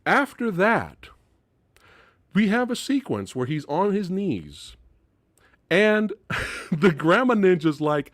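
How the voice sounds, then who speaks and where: A man's voice: high voice, sing-song, measured pace, no room sound, clean studio sound. A man hosting a casual live-stream movie talk, exasperated and profane, laughing as he goes. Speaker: movie channel host.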